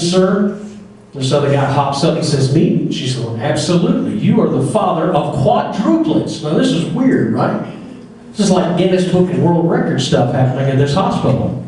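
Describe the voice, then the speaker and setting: A man's voice: fairly high pitch, warm tone, far from the mic, a little hiss or hum. A man emceeing an awards banquet, folksy and joking as he tells a long joke to the room. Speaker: master of ceremonies. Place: banquet hall. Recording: echoey banquet hall, mic heard from afar.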